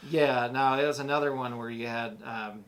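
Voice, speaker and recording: A man's voice: mid-range voice, steady tone, moderate pace. A man co-hosting a board game review, agreeing often and rambling as he searches for words. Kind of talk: casual review chat.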